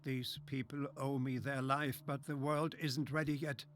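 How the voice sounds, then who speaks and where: A man's voice: mid-range voice, level tone, measured pace, a little hiss or hum, close to an everyday voice. An actor voicing a scheming, condescending male mad-scientist doctor with a slight German accent in a video game. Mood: smug. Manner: silky, condescending, patronizing.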